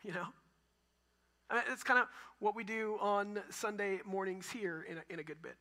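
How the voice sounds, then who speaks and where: Male pastor, Texan, lively sermon delivery, bright ringing tone. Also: sits high, moderate pace. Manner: animated, shifts from loud emphasis to near-whisper.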